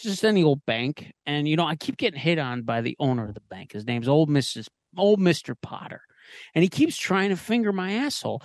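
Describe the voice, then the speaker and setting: A man's voice: fairly high pitch, no room sound. A man hosting a podcast, telling a crude comic horror story in a rambling way and laughing at his own jokes. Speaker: podcast host. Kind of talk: comedic spooky storytelling.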